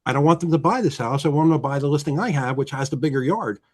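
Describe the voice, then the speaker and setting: A man from New Jersey, a guest loan officer, telling stories with lively acted-out quotes. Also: fast. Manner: animated, acts out quotes with swinging pitch. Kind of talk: energetic storytelling chat.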